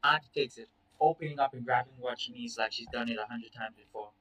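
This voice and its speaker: A man's voice: mid-range voice, quick pace, bright, forceful tone, recorded from a distance, low-quality recording. A man reading a first-person story aloud in a casual, profane, confessional way. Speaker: story reader.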